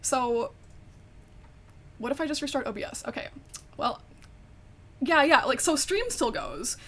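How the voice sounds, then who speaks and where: A woman's voice: sits high, unhurried, fairly bright tone, a little hiss or hum. A woman streaming a game, chatting casually and swearing in frustration at her crashing computer.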